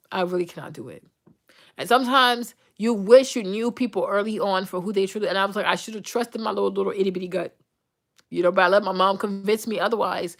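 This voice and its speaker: A young adult woman hosting her own show, ranting to viewers in a blunt, profane, animated way. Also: mid-range voice. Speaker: host. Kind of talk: uncensored casual rant to viewers.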